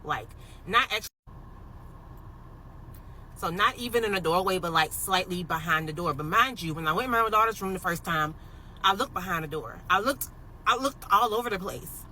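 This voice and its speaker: In a casual storytime vlog recorded on a phone, a woman in her thirties emotionally recounts a personal paranormal experience. Her voice is on the low side and moves at a moderate pace, she's animated and uses "like" a lot, and the rough recording has slight background noise.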